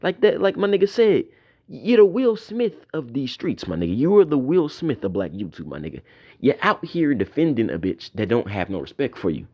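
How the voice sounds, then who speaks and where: A man's voice: medium pitch, very animated, moderate pace, dull audio. A man delivering a profane, mocking tirade in a commentary video. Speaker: YouTube commentator.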